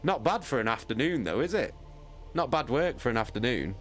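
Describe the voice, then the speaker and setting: Soft music plays in the background as a man with a medium-pitched, brisk voice reacts to an audiobook on his casual livestream. His reactions are animated and full of swearing and frequent laughter.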